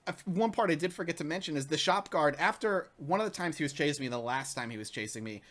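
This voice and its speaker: A fairly high-voiced man recounting a game mishap in an animated, excitable way. He keeps jumping into the shouting characters' voices as he tells it, like a co-host on a live streamed gaming show. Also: fast. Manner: excitable, acts out shouting characters mid-story. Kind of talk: casual animated storytelling.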